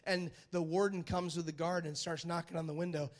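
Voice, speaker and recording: Preaching a sermon, this man retells a film's story with dramatic energy, his voice pitched on the high side and moving a little fast. He repeats phrases for emphasis and keeps checking whether the congregation is following him, an animated storyteller seeking the crowd's agreement.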